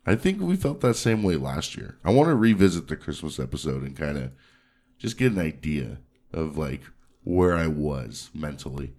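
A man's voice: a bass voice, big pitch swings, moderate pace, darkish tone. A man hosting a podcast in casual chat, profane and sarcastic, grumbling about the holidays. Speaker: podcast host.

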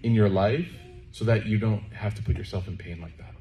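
A man's voice: lowish voice, brisk, muffled recording, faint music behind. A man giving a conversational sermon to a live audience, joking and checking in with listeners, then leading a closing prayer. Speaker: preacher.

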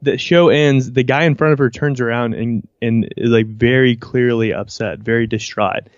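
A man's voice: medium pitch, steady tone, moderate pace, dry recording. A man in casual chat, retelling anecdotes with laughter in his voice. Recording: slightly dull lo-fi audio.

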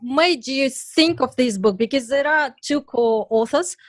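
A woman's voice: high voice, unhurried, dry recording. Earnest woman co-host, dry sound. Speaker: podcast co-host. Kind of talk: podcast interview.

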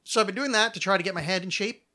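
A man's voice: high voice, rapid-fire, sharp tone. A man hosting a podcast in casual chat, rambling and self-mocking with jokes. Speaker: podcast host.

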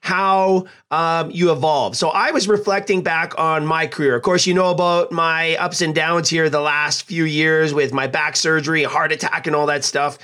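A middle-aged man hosting a podcast, talking in a reflective, earnest way with pauses. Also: fairly high pitch, steady tone, pushed and bright. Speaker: podcast host and athletic trainer. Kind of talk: conversational interview.

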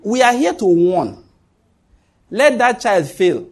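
A man's voice: sits high, sing-song, takes it slowly, a little mellow. A man preaching a sermon as pastor, emphatic, repeating his points and swinging his voice up and down.

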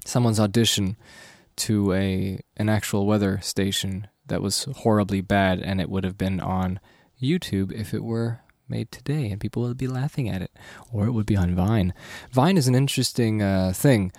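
Young guy rambling on his podcast, lowish voice, dead dry mic, lots of ums. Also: normal speed, darkish tone, dry recording. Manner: rambling, self-correcting, many fillers. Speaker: podcast host. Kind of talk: casual rambling podcast monologue.

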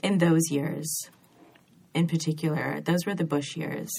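A woman's voice: deep voice, fairly even intonation, a little slow, creaky, a little mellow, slightly rough. An American woman, a novelist, chatting as a guest in an interview with frequent ums and restarts. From United States. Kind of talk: casual interview chat.

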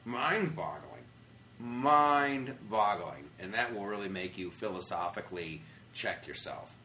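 Man, American, comedian guest, animated storytelling, profane, echoey room, faint background noise. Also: low voice, moderate pace. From United States. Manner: animated, swearing, acts out quoted people. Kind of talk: casual storytelling interview. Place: comedy club after a show.

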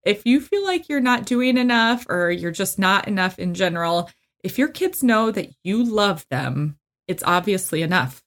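A woman in her thirties co-hosting a podcast about motherhood, talking in an animated, emphatic casual way. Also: mid-range voice, normal speed. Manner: animated, emphatic, trails off in restarts. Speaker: podcast co-host. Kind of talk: casual chat.

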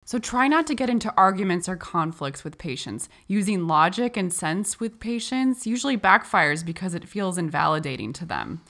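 A woman hosting and instructing in a clear, explanatory way. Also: on the low side, expressive, normal speed, few pauses, a bit bright. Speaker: host and instructor. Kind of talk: educational explanation.

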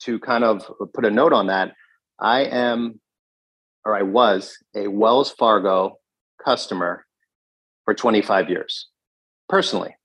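A man's voice: fairly low pitch, a little slow, pauses often, a bit bright, slightly rough, rough recording. A man, a gun shop owner being interviewed, earnestly recounting what happened with frequent restarts. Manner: earnest, recounts events with restarts and quoted dialogue. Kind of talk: interview, telling his story.

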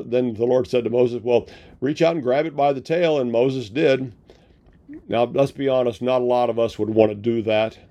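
A man's voice: medium pitch, gravelly, dark tone, lo-fi sound. A male pastor giving a sermon in a conversational storytelling manner, retelling scripture with casual paraphrased dialogue.

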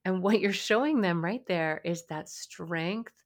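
A woman's voice: on the low side, unhurried. A woman hosting a parenting podcast, speaking earnestly and often acting out what a parent might say to a child. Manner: earnest, acts out parent dialogue. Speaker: podcast host and parenting coach. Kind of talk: motivational podcast talk.

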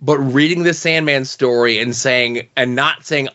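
A man's voice: medium pitch, measured pace, bright, forceful tone. Podcast co-host: a man with a mid-range voice who explains things in a conversational way. The audio is dull and lo-fi. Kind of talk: casual chat about comics.

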